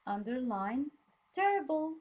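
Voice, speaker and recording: Slow, patient woman teaching young learners. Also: high voice, very animated, dull audio. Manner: slow, patient, praising and explaining words. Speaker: English teacher. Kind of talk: reading a story aloud for a class.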